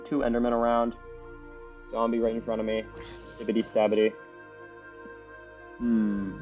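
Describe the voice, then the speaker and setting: A man's voice: on the low side, darkish tone, lo-fi sound. A man giving casual, chatty play-by-play commentary while he plays a video game, rambling with lots of fillers. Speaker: gaming video creator.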